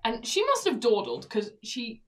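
An excitable young woman telling a story on a chat podcast. Her high voice swoops widely as she talks, and she gets louder and brighter when she is wound up. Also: normal speed. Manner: animated, excitable storyteller who swings loud and high. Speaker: podcast co-host.

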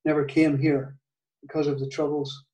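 An older man with a Northern Irish accent, telling a story in an interview, halting, with many restarts and soft laughs. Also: a little high, level tone, far from the mic. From Northern Ireland. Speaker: guitar maker, guest. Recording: echoey room, off-mic.

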